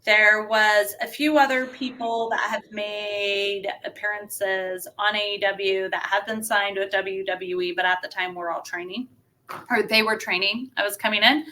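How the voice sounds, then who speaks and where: A woman wrestler telling a story casually as a podcast guest, animated and laughing, with lots of filler words. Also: mid-range voice, moderate pace, a little hiss or hum.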